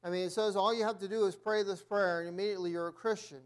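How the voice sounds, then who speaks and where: High-voiced male Bible class teacher who often clears his throat. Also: steady tone, quick pace. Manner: frequent throat clearing, reads aloud from notes. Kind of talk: church Bible lesson.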